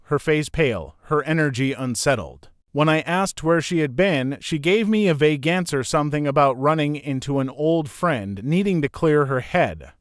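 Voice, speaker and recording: A man in his thirties reading a scripted first-person story in a measured, dramatic way with pauses. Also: on the high side, dry recording, clean studio sound. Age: 30s.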